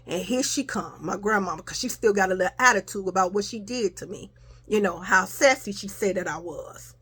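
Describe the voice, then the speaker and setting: A young adult woman casually telling a childhood story to her viewers, animated and chatty. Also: mid-range voice, fairly quick, breathy edge. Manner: animated, addresses viewers as y'all.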